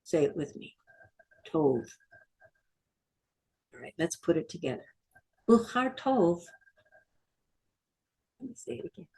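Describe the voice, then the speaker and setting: A middle-aged Hebrew teacher runs a vocabulary lesson, repeating each word in patient call-and-repeat drills. Her voice is low, mellow, and gravelly, and while very animated, she speaks slowly and deliberately so learners can follow.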